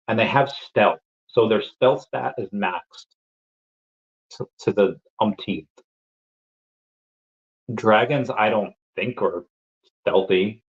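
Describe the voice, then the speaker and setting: A man's voice: fairly low pitch, dull audio. A man hosting a casual livestream, answering chat questions in a rambling way and often repeating words as he restarts.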